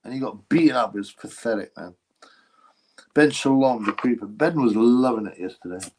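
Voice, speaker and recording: A man's voice: mid-range voice, moderate pace, husky, poor audio. A man hosting a casual boxing livestream, reading chat and giving blunt, mocking opinions.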